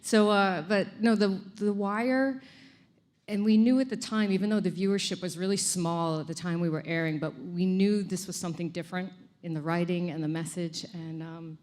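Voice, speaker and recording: A woman's voice: fairly low pitch, moderate pace. A middle-aged woman chatting as an interview guest, telling stories and laughing often. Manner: laughs often, animated storytelling. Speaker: actress guest. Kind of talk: casual interview chat.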